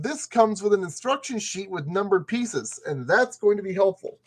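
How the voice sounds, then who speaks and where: A man's voice: sits high, a little mellow. A man building a model kit and commenting casually as he works, playfully talking to the parts. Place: at a work table.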